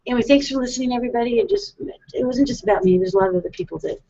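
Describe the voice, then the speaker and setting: A woman hosting a call-in show in a chatty, rambling way, often laughing at herself. Her voice sits a bit high, and the web broadcast sound is dull and lo-fi. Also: big pitch swings, very fast, creaky, dark tone. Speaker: psychic radio host. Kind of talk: casual call-in show chat.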